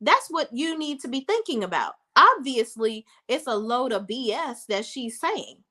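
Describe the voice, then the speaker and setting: A woman hosting a casual recap vlog, chatty and animated, talking straight to her viewers. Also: on the high side, normal speed. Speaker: reality TV reviewer.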